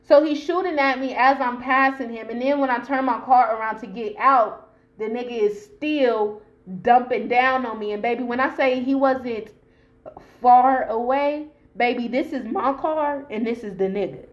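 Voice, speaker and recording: A woman from Long Beach with a fairly high voice tells a storytime straight to her camera. She talks emphatically, swears freely and keeps addressing her listeners directly. The audio is somewhat dull and lo-fi. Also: moderate pace. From Long Beach, California. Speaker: podcast host telling a personal story. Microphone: camera mic while filming herself.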